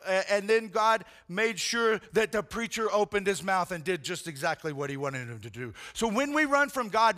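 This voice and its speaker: A man preaching a sermon, retelling a story in animated, casual language with slang like "man" and "bro". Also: high voice. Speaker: pastor.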